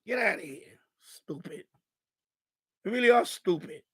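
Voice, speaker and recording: A man's voice: high-pitched, expressive, a little slow, husky. A man hosting a live stream, ranting angrily and profanely at a viewer in the chat. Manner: angry, profane, repetitive rant.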